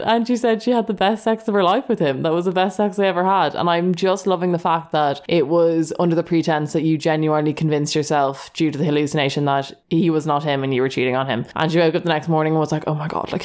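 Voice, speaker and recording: A woman's voice: deep voice, darkish tone. A young woman hosting a chat show, telling listener stories in a casual, chatty way, laughing often and saying "like" a lot. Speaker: podcast host reading listener stories.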